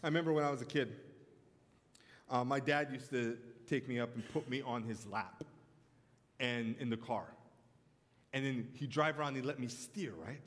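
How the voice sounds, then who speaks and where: A man's voice: mid-range voice, moderate pace, pauses often, fairly bright tone, in a large hall. A man preaching a sermon as pastor, telling stories and calling for amens from the congregation. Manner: storytelling preacher, calls for amens.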